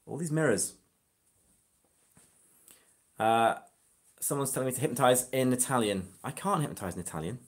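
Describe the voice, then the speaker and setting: A man's voice: medium pitch, lively intonation, moderate pace, long pauses, breathy edge. Casual male stream host, phone-recorded, talkative and joking. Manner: chatty, joking asides to viewers. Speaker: hypnotist livestream host. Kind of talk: casual live-stream chat. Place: flat indoors. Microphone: phone camera.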